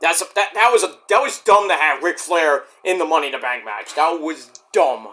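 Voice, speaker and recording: Man in a casual rant vlog, rambling and profane, bright higher voice. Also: animated, a little fast. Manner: rambling, profane, many restarts. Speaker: vlogger.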